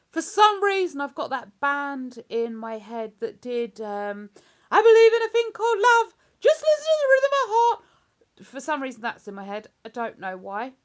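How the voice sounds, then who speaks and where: A woman's voice: on the high side, a bit bright. A woman hosting a livestream in casual, rambling chat. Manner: rambling, chatty, breaks into hummed tunes. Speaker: livestream host.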